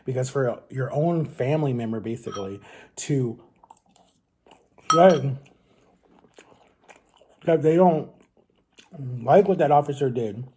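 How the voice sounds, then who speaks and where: A man's voice: mid-range voice, lively intonation, takes it slowly, pauses often, darkish tone, a little hiss or hum. A young man talking casually to camera at home, earnest and rambling, often restarting his sentences. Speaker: vlogger.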